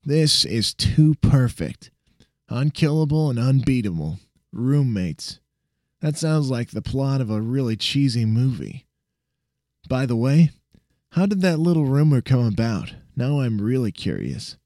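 A man's voice: medium pitch, very animated, unhurried, a little mellow, dry recording, studio quality, pitched above the performer's own voice. A man reading a story aloud, voicing a sarcastic, playful young male roommate with a mocking, teasing drawl.

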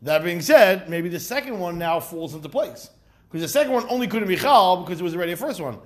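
A man teaching a lively study class, explaining step by step with rhetorical questions and acted-out quotes. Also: high-pitched, fast talker. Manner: animated, asks rhetorical questions, acts out quotes. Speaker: Talmud teacher.

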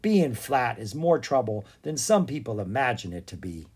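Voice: medium pitch, big pitch swings, moderate pace, a little mellow, breathy edge. A storybook reader voicing a polite, earnest young boy. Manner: eager, well-mannered. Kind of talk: storybook read-aloud.

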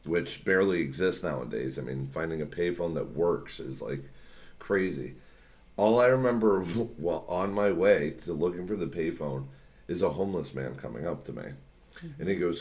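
Young man, low voice, swearing casual storyteller for a podcast chat. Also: animated, normal speed, darkish tone. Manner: profane, rambling storyteller. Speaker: podcast co-host.

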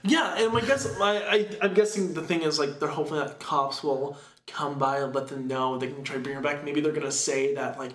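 A man with a slightly high voice chats through a film's story in a loose, rambling way, full of fillers and quick quoted bits. The sound is roomy and echoey. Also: a bit bright. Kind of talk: casual chat recapping a film. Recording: echoey room.

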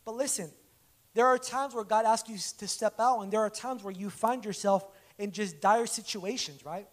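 Very high-voiced male preacher. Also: moderate pace. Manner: animated, acts out dialogue in stories. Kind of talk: conversational sermon with storytelling.

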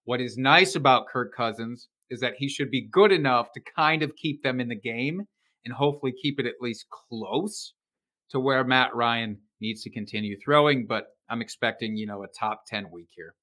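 Bright-voiced joking man podcasting. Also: mid-range voice, normal speed. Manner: lively, joking, swears casually. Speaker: podcast co-host. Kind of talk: casual sports betting chat.

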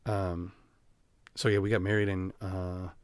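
A man in his forties, a band teacher from Iowa, talking candidly as a guest in a podcast interview, halting and reflective, with many fillers and restarts. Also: low-pitched, little pitch movement, clear, resonant tone, no echo. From Iowa, USA. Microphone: studio podcast microphone.

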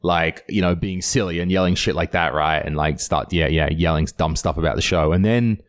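A low-voiced man with an Estonian accent talks casually on a comedy podcast. He swears freely and tells his stories with lively shouted impressions, loose and relaxed. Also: fairly quick. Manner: swearing, animated storytelling with loud put-on shouts. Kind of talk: casual chat.

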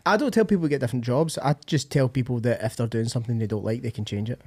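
A man's voice: medium pitch, racing, a little mellow, breathy edge. A Scottish man co-hosting a podcast, chatting casually with plenty of swearing and laughter. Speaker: podcast host. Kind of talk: casual chat.

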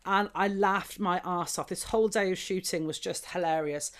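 A woman's voice: lowish voice, fairly even intonation, moderate pace. A woman guest telling bawdy stories in a casual interview, laughing often.

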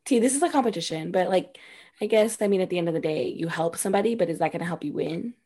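A woman's voice: lowish voice, animated, fast, warm tone, husky. A woman co-hosting a podcast, giving blunt, sassy opinions in casual chat. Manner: blunt, sassy, laughs often. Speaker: podcast co-host. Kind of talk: casual chat recapping a TV show.

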